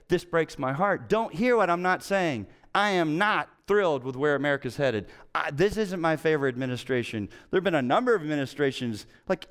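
A middle-aged pastor delivering a sermon in a fairly high voice for a man. He talks to his congregation conversationally, pushing hard on key words and then dropping to a hush. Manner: conversational, emphatic, swings between loud and quiet.

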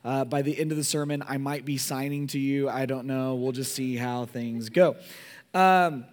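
A man pastor giving a sermon with a hoarse voice from a cold, talking in a casual, joking way with many fillers and asides. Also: mid-range voice, fairly even intonation, normal speed.

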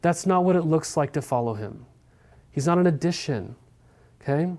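A man's voice: fairly high pitch, expressive, normal speed, a little mellow. A male pastor giving a sermon in a conversational way, often checking in with his listeners by asking "right?".

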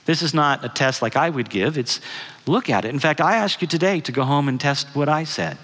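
A middle-aged man delivers a guest sermon, talking to the congregation like a friendly storyteller who stops to ask them questions. His voice sits a bit high and sounds bright. A long reverb from the hall trails after his words. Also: lively intonation, brisk. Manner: conversational storyteller, asks the audience questions. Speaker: guest speaker.

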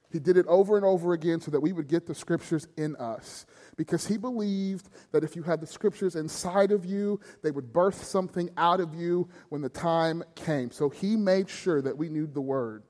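A man's voice: fairly high pitch, darkish tone. A middle-aged man preaching a sermon, telling family stories with self-deprecating humor. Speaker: pastor. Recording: long hall reverb.

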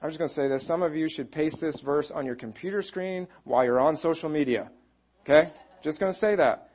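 A man's voice: fairly high pitch, fairly quick, husky, muffled recording. A man preaching a conversational sermon as a pastor, with self-deprecating humor.

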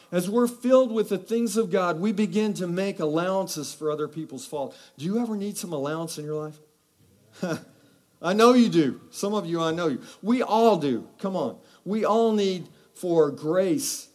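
A man preaching a sermon from Texas, animated and exhorting, asking the congregation rhetorical questions. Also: high-pitched. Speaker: pastor.

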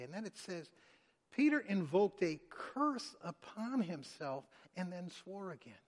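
A man preaching a sermon, dramatically acting out the quoted lines with big swings in loudness. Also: high-pitched, sing-song, measured pace. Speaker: pastor. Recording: long hall reverb.

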